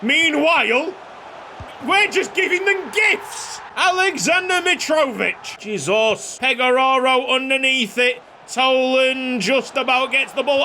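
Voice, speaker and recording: A young man commentating on his football video game, excitable, shouting at chances and cracking jokes between plays. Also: very high voice, unhurried, a little hiss or hum. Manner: excitable, shouting at goals, jokey asides. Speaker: gaming YouTuber. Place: home recording room. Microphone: desk microphone.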